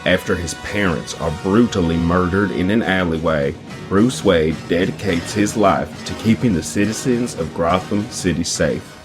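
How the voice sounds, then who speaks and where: A man plays a prudish, deadpan movie critic on local TV. His voice is very low, and he lists shocking content in a prim, flat manner over faint music. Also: normal speed, lightly acted. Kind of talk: deadpan comedic movie review.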